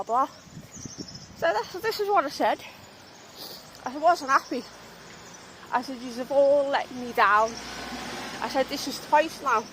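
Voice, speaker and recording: A woman's voice: high-pitched, slight background noise, rough recording. A young woman tour guide vlogging, agitated and swearing as she retells an argument. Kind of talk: ranting vlog monologue.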